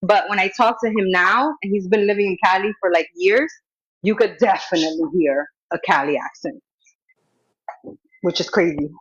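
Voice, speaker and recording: A woman's voice: mid-range voice, moderate pace, husky. A woman from New Jersey with a thick North Jersey accent, chatting casually and swearing freely. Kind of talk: casual chat. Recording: dry, dull lo-fi audio.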